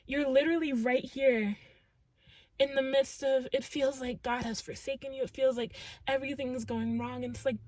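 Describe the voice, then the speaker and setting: A young woman talks through a tarot reading in an earnest, emphatic way, her voice high and a little husky. She records close in a dry, dead room. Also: fairly even intonation, normal speed, darkish tone, no echo. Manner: earnest and emphatic, heavy use of "like" and "literally". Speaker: tarot reader. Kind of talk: casual channeled tarot reading.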